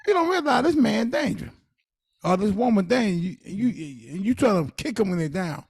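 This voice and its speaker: A middle-aged man is co-hosting a podcast, speaking with emphatic, animated energy. His voice is gravelly and rough, pitched high for a man, and it swings widely as he tells his stories. The recording is dry and close. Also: a little fast, no room sound. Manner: emphatic, animated storytelling with dialect speech. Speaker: podcast co-host. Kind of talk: casual conversational advice.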